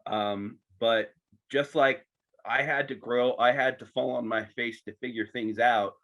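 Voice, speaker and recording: A male podcast host chats and jokes his way through his questions, sometimes stumbling over his first words. His voice sits at an ordinary, mid-range pitch, and his delivery is relaxed and conversational. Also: a little slow. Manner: chatty, joking, with some false starts. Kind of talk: casual interview chat.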